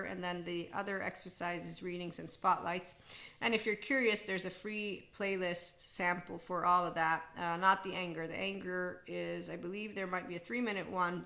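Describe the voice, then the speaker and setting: A middle-aged woman hosts her podcast in a loose, rambling monologue. Her voice is bright and slightly low, and she gets animated, laughs often and slips into mocking voices for other people. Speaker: podcast host. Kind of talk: casual spiritual monologue.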